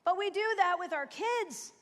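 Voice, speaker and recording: High-voiced woman in her 40s preaching casual to parents, lots of "like" and "right?", big echoey church. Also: lively intonation, normal speed, fairly bright tone. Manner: chatty, emphatic, fillers like "like" and "right?". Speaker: church speaker. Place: church sanctuary. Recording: long hall reverb.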